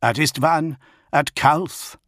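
A man's voice: on the high side, slow pace, fairly bright tone, no room sound, clean studio sound, voice pushed up. A man voicing an earnest male adviser who speaks in an urgent, pleading way.

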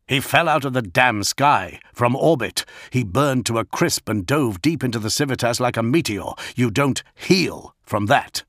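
A man voicing a stern, commanding lord who speaks forcefully. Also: mid-range voice, lively intonation, normal speed, hardly any pauses, no echo, clean studio sound, voice pushed up. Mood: furious. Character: commanding male lord, stern and quick to anger.

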